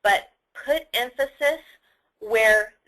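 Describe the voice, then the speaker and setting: A woman's voice: a little high, slow pace, fairly bright tone, low-quality recording. A woman giving a sales training lecture, explaining how to use tone and emphasis on the phone. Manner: instructive, demonstrates emphasis on example sentences.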